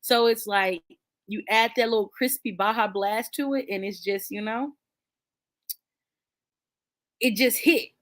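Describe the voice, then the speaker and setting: Answering viewer comments on her book channel, a woman chats in a lively, playful manner, tossing in slang and laughing often. She speaks at a medium pitch and measured pace, with long pauses.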